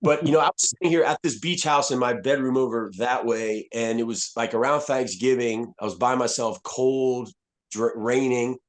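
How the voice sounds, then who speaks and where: Brief: man, 50s, retired soldier on a podcast, blunt and profane, mid-pitched, candid storytelling. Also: fairly even intonation, moderate pace. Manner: blunt, profane, frequent restarts and fillers.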